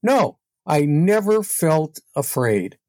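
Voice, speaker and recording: A man's voice: fairly high pitch, sing-song, slow, a little mellow, dry recording. A man from Brooklyn, New York, a podcast guest telling rambling stories with laughs and many fillers. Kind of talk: casual storytelling.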